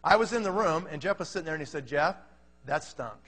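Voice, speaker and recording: A man delivers an energetic motivational talk from a conference stage, telling stories and checking in with his audience again and again. His voice sits high and sounds bright and forceful. The sound carries a long reverb from a large hall. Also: rapid-fire. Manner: energetic storyteller, keeps checking in with the crowd. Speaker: company leader speaking at a business conference.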